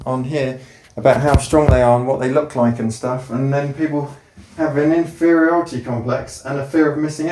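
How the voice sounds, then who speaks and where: Mid-range and a touch mellow, the man's voice carries a loose, foul-mouthed rant as he trains at the gym. He's a personal trainer who vlogs about fat loss, and he wanders from point to point with plenty of sarcasm.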